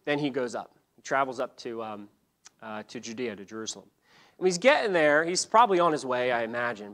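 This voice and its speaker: A man teaches a church Bible lesson, telling the story animatedly and acting out the quotes while often restarting sentences. His voice is medium-pitched.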